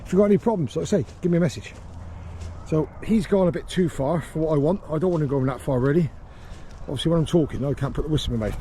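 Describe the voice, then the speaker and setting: A calm man teaches dog training out on a small grass field, his voice a touch higher than most men's but mellow in tone. Faint outdoor noise hums behind him, and he explains each step in a steady, matter-of-fact way. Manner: calm explaining, with sharp shouted commands to a dog.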